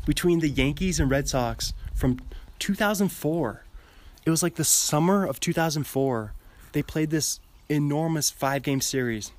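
A man's voice: a little high, slight background noise. Giggly rambling young man. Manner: giggly, meandering, self-interrupting. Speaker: podcast host. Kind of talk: rambling solo chat. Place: outdoor gazebo, light drizzle. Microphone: walking while talking.

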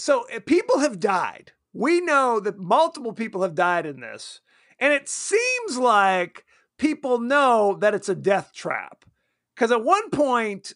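A man's voice: high voice, no echo, clean studio sound. A man co-hosting a podcast, chatting casually about a film and acting out the characters' lines. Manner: animated, acts out characters in quoted voices. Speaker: podcast co-host. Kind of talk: casual movie review chat.

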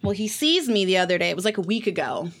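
A young woman co-hosting a podcast, telling an animated story and swearing freely in casual chat. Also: mid-range voice, fast talker, a little hiss or hum. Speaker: podcast co-host.

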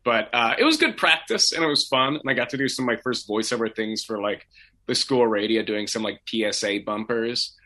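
A young adult man from Oregon, a voice actor telling his backstory in a relaxed, rambling way full of fillers and restarts. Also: medium pitch, a little fast. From Portland, Oregon. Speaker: voice actor guest. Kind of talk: casual interview chat.

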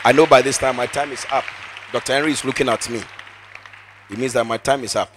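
A man preaching a sermon emphatically, repeating phrases for emphasis and swinging from hushed asides to shouted exclamations. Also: mid-range voice, fairly even intonation, quick pace, a faint crowd, slight background noise.

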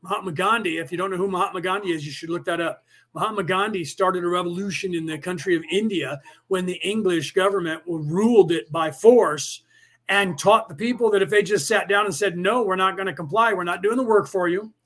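High-voiced man rambling conspiratorially. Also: a little fast, fairly bright tone. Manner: rambling, conspiratorial, addresses listeners directly. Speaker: podcast host. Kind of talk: casual live-stream monologue.

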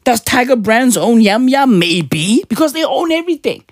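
A woman's voice: fairly high pitch, expressive, moderate pace, no echo, clean studio sound. A woman with a South African accent, ranting casually on a vlog with heavy swearing and slang. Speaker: vlogger. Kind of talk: profane casual rant.

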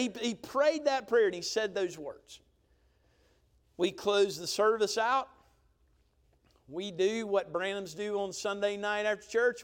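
A man preaching a sermon, telling a story with lively emphasis and often checking in with the crowd. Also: high voice. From Georgia. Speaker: pastor.

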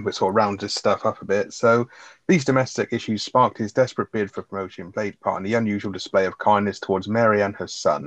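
Fast-talking sweary man. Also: fairly low pitch, no echo. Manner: sweary, animated retelling of scenes. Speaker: podcast co-host. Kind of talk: casual film review chat.

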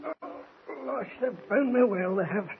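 An actor playing a loyal, stubborn Scottish sailor who pleads earnestly in broad dialect, in 1940s radio acting. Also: male voice, extremely high pitch, lively intonation, slow, narrow, tinny audio, a little hiss or hum, heavily acted. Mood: straining.

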